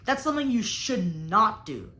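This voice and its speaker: A woman's voice: mid-range voice, sing-song, moderate pace, bright, forceful tone, echoey room. A young woman who coaches debate, explaining speaking technique in an instructional talk and stressing key words on purpose. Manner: explanatory, emphatic, varies tone on purpose.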